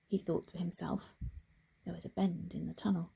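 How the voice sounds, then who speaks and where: A woman reading a picture book aloud to children in a very expressive way, with gasps and hushed whispers. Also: fairly low pitch, unhurried, vocal fry, husky. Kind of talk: children's storybook read-aloud.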